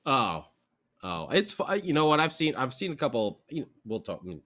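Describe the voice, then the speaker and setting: A man hosting a podcast, recapping a hockey game in a rambling, animated way with lots of fillers and restarts. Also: mid-range voice, normal speed. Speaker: podcast host.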